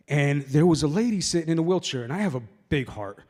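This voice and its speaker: A man's voice: fairly high pitch, animated, fairly quick, few pauses, darkish tone. Man, forties, stand-up comic, rambling, swears freely, reverberant hall. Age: 40s. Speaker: open mic performer. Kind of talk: stand-up comedy set. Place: hall at a sober open mic night.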